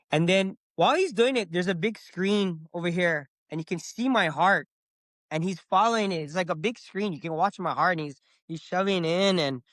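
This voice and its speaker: Recounting his own experience on a podcast, a middle-aged guest animatedly performs what he said back then in casual storytelling. The voice is on the high side and free of echo.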